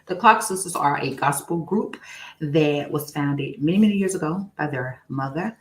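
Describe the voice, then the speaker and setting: A young woman hosts a casual live stream, greeting viewers by name and testifying about her faith. Her voice sits low at a normal speed, and the recording is rough.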